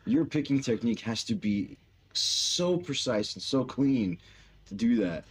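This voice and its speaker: A man co-hosting a casual reaction video, excitable and jokey, often trailing off and restarting his sentences. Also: medium pitch, unhurried, a little hiss or hum.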